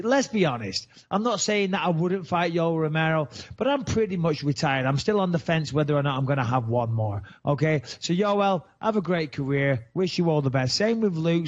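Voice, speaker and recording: Brash swearing man, high-pitched. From England. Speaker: podcast host. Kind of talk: casual podcast banter. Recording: dull lo-fi sound.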